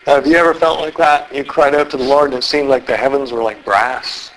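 A man's voice: mid-range voice, fairly even intonation, brisk, fairly bright tone, slight background noise, rough recording. A man preaching a sermon, reading scripture and earnestly putting questions to his listeners. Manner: earnest, asks the listeners many rhetorical questions.

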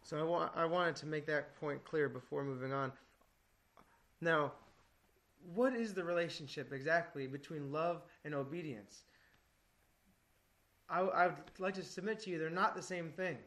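Male preacher, high-pitched voice, earnest exhorting sermon delivery, repeats phrases for emphasis. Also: normal speed, pauses often, fairly bright tone.

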